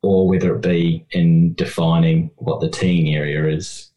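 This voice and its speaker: A man with a low voice explains the rules at a measured pace, hesitating often. His voice carries a noticeable echo from the room. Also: flat delivery, dark tone. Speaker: rules expert on a podcast. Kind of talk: casual chat. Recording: echoey room.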